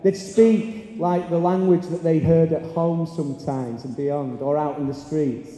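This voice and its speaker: A man in his forties tells a classroom story on stage, acting out his pupils as he goes. His voice sits high but sounds soft and dark. The hall adds a long, roomy echo. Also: measured pace. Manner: animated, acts out pupils' voices. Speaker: teacher giving a talk. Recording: echoey hall, long reverb.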